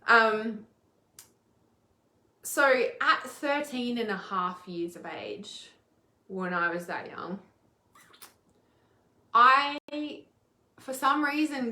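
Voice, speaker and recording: A woman's voice: medium pitch, animated, slow, long pauses, sharp tone. Candid swearing woman in an echoey room. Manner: candid, swears freely, emphatic. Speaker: intuitive healer and mentor. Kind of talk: casual personal video talk.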